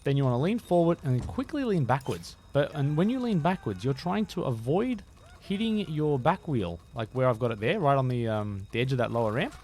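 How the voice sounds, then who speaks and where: Male streamer, faint Aussie lilt, animated pitch, rambling self-mocking tutorial patter. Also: fairly quick, slight background noise. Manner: chatty, self-deprecating, thinks aloud. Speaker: game streamer and tutorial host. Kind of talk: live-streamed gameplay tutorial.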